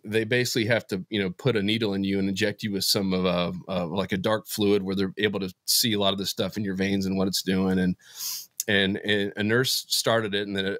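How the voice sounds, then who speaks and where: A man guest in a casual interview, telling a heartfelt personal story in an earnest, emotional way, often halting and restarting his sentences. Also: sits low, a bit bright, dry recording, studio quality. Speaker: podcast guest, business founder.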